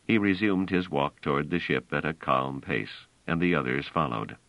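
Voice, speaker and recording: Male audiobook narrator, very deep voice, lively pitch, measured expressive reading, dull lo-fi sound. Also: creaky, no room sound. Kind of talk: scripted narration.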